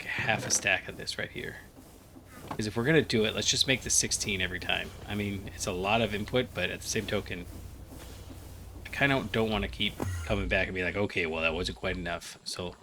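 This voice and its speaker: A man's voice: on the low side, moderate pace, pushed and bright, slight background noise. Groggy man rambling over gameplay. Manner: rambling, thinking aloud with many fillers. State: groggy after a nap. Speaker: gaming channel host. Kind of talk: casual Let's Play commentary.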